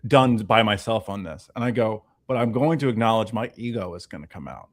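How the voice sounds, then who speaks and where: A man's voice: lowish voice, brisk, few pauses. A man in casual conversation, telling a story with swearing and quoted dialogue. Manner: animated storyteller, acts out dialogue, swears freely. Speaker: podcast guest.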